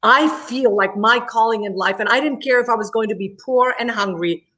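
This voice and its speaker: A woman's voice: on the high side, brisk, sharp tone. A woman from India, speaking as an interview guest. She talks with passion and repeats key words for emphasis. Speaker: guest, immigration attorney.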